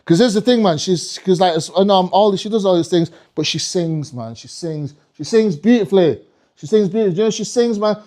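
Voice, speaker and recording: A man's voice: sits high, dark tone. A man doing a live stand-up routine on a comedy club stage, rambling, swearing and talking to the crowd.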